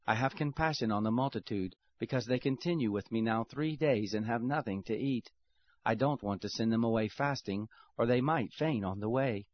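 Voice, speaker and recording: Low-voiced man reading scripture. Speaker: scripture reader. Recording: dull lo-fi recording.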